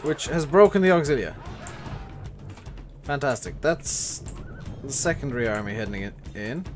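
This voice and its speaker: A man's voice: medium pitch, big pitch swings, unhurried, soft background music. A man livestreaming a strategy game, commentating and bossing and swearing at his troops. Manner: bossy, swearing at his units. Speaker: game streamer. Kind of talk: live gameplay commentary.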